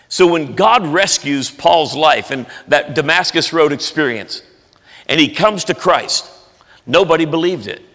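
A man pastor preaching a sermon in a church, earnest and emphatic, sometimes dropping soft. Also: fairly high pitch, vocal fry. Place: large church sanctuary. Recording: echoey church hall.

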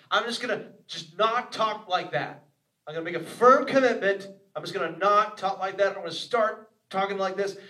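A man's voice: high-pitched, fairly bright tone. A man preaching a sermon as pastor, earnest and repetitive, acting out the inner voices of his listeners. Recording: echoey room, voice from a distance.

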